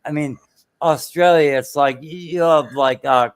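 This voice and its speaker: A man's voice: on the high side, unhurried, clean tone. A man in casual podcast chat, telling a rambling anecdote full of fillers and restarts.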